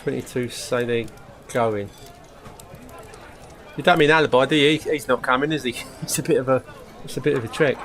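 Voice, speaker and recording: A man's voice: medium pitch, fairly quick, long pauses, a bit bright, a faint crowd, slight background noise. A man hosting a live stream in a casual, rambling way, chatting with his viewers, calling them mate and often losing his thread. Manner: forgetful, loses his thread.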